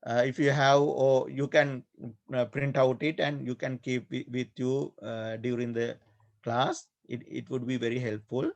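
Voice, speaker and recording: A male Buddhist monk teaching a class on Pali grammar, speaking slowly, repeating key words and pausing often with fillers. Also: medium pitch, little pitch movement, muffled recording. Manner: slow, repetitive, hesitant with many fillers. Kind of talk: online class lecture.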